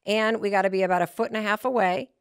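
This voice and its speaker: Woman host, mid-pitched, eager and reactive in casual interview chat. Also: quick pace, clear, resonant tone. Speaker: podcast host.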